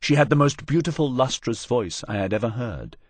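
A man narrating an audiobook in the first person, wry and expressive. His voice is husky, with lively pitch swings, and the recording is dry and close. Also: a little fast, no echo. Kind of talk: scripted narration.

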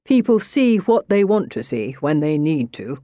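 A woman voicing a calm, lightly condescending male police inspector in an audiobook. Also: low-pitched, moderate pace, no echo, clean studio sound. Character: dry, cool-headed male police inspector. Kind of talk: audiobook narration.

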